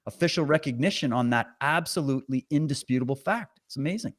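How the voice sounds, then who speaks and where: A man interviewing a guest, animated, sarcastic and indignant, talking heatedly. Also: mid-range voice, fast talker.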